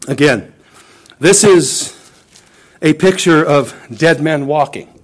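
A man's voice: fairly high pitch, slow. A man preaching a sermon to his congregation, emphatic and dramatic as he quotes scripture. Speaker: pastor.

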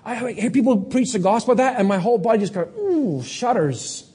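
A man preaching a sermon, asking rhetorical questions and slowing down to stress key words. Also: sits high, dark tone, slightly rough. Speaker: pastor.

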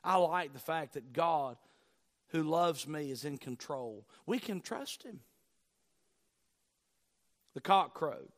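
A man with a notably high voice delivers a sermon with dramatic swings, rising to forceful near-shouts and then dropping to low, quiet lines. He hammers home key phrases by repeating them. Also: animated, slow, pauses often. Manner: emphatic preaching, swinging between loud declarations and low, hushed lines. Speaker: pastor.

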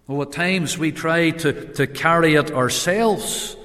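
A man preaching a sermon, swinging between raised emphatic calls and hushed solemn passages, with repeated rhetorical questions. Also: a little high, slow pace, few pauses. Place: church. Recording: long reverb of a church hall.

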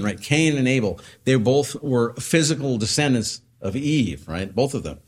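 A man's voice: medium pitch, lively intonation, normal speed. A man preaching an expository sermon, explaining a passage and often checking in with tag questions and fillers.

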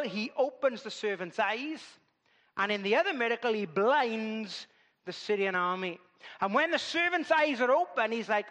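Male preacher, animated storyteller; high voice in a reverberant hall. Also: normal speed. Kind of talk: sermon.

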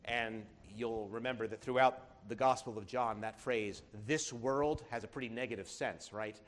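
A man's voice: mid-range voice, normal speed. A man preaching a sermon as pastor, emphatic, building his points through rhetorical questions.

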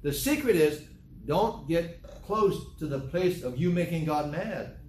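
A man's voice: fairly high pitch, animated, unhurried, darkish tone, echoey room, slight background noise, rough recording. A man preaching a sermon as pastor, talking conversationally and teasing his congregation with questions.

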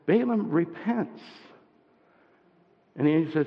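A man's voice: on the high side, very animated, normal speed, pauses often, long reverb tail, muffled recording. A man giving a conversational sermon, often restarting his sentences and asking his listeners questions. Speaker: preacher.

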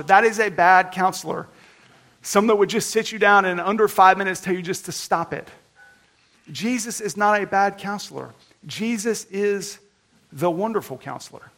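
High-voiced gravelly pastor preaching. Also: male voice. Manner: earnest, conversational preaching with animated retold quotes. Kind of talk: sermon.

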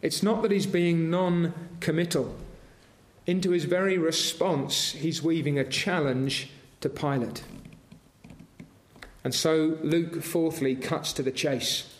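A man's voice: fairly high pitch, steady tone, takes it slowly. A man preaching a sermon, earnest and asking his congregation rhetorical questions. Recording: roomy echoing hall.

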